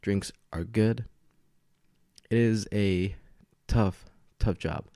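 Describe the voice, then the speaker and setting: A man's voice: on the low side, drawn-out words, warm tone, no room sound, clean studio sound. A man hosting a podcast alone at home, a bit tipsy from tequila, chatting in a loose, rambling way and laughing often. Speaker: podcast host. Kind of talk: casual solo podcast chat. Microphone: podcast mic with camera setup.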